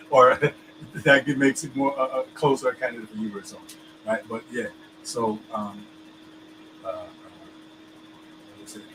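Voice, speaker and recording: A man's voice: medium pitch, little pitch movement, measured pace, pauses often, background noise. A man explaining things in casual chat, loose and full of fillers, often checking that his listener understands.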